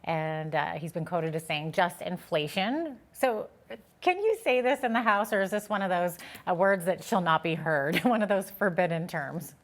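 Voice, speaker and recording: A woman news anchor asking friendly, measured questions in an interview. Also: lowish voice, animated.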